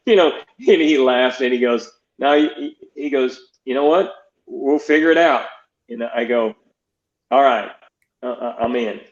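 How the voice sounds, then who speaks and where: An older man, a baseball pitching coach, telling long stories in an interview with frequent restarts. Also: a little slow. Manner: rambling, many restarts, quotes others in dialogue. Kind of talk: storytelling interview. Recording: roomy, dull lo-fi sound.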